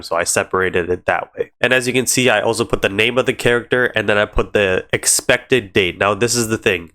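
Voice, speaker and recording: A man's voice: on the low side, a bit bright, clear, resonant tone. A man with a congested voice, chatting casually to his channel about a game's upcoming banners. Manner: chatty, explains step by step with many "so" and "again". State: congested from allergies. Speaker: gaming YouTuber. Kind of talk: casual game news talk to camera.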